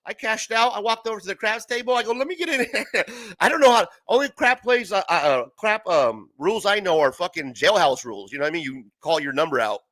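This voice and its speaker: Young man, livestream host, high bright voice, profane, rambling, laughs a lot. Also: lively intonation, quick pace, few pauses, dry recording. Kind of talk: casual livestream chat.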